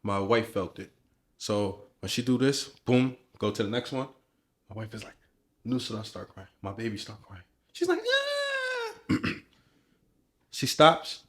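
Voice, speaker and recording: Excitable young man telling a story. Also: fairly low pitch, unhurried, pauses often, breathy edge. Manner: animated, excited storytelling with many restarts. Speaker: podcast co-host. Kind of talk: casual storytelling chat.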